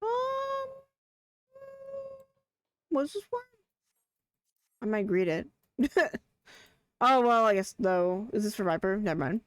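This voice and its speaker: A woman streaming a game live, chatty and excitable, thinking aloud and restarting her sentences. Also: mid-range voice, slow, long pauses, no room sound, clean studio sound. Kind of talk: casual live gaming commentary.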